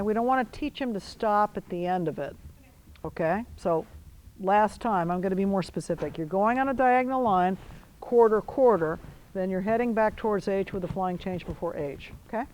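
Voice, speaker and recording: A woman riding instructor coaching a rider in an arena, giving brisk commands mixed with encouragement. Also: mid-range voice, a little mellow, low-quality recording.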